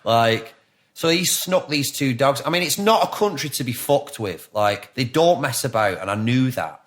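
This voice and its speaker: A man's voice: mid-range voice, expressive, normal speed, a bit bright. A man in his thirties with a Lancashire accent, a guest chatting in a podcast interview, rambling and swearing with many restarts. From England. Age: 30s.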